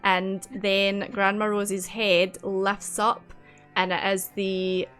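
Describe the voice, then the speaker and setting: A woman's voice: mid-range voice, flat delivery, slow pace, fairly bright tone, faint music behind. A woman running a tabletop game as game master, narrating in a giggly, chatty way.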